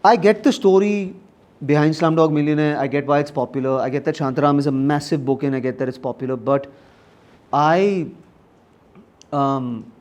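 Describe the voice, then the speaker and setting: Animated Indian comedian, slightly high voice. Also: male voice, moderate pace. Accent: Indian English. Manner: animated, emphatic, switches into Hindi. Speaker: guest comedian. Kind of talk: casual conversation.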